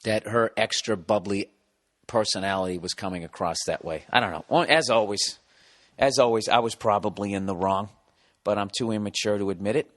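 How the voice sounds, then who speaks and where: A man's voice: on the low side, a little fast, long reverb tail. Profane, rambling man telling a story. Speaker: podcast host. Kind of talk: comedic podcast monologue.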